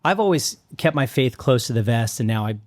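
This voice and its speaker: A man's voice: medium pitch, lively intonation, brisk, no room sound. A man hosting a podcast interview, enthusiastic and jokey, often jumping in with comments. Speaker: podcast host. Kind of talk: casual interview chat. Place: on-site in a coffee shop.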